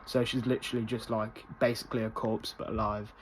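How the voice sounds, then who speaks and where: A man giving a casual spoiler review, rambling with lots of fillers and bursting into loud excitement. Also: lowish voice, a little fast, slight background noise. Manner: rambling, many fillers, gets loudly excited.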